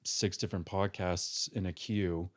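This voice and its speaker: A man with a low, deep voice talks thoughtfully as a podcast guest. He is a counselor who weighs his words, reaches for quotes, and gives advice at a measured pace. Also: level tone. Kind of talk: podcast discussion.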